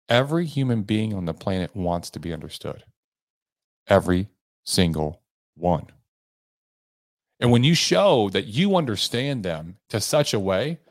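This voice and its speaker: A man's voice: lowish voice, dry recording, clean studio sound. A man hosting a sales coaching podcast, talking earnestly and with emphasis. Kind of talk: motivational podcast monologue.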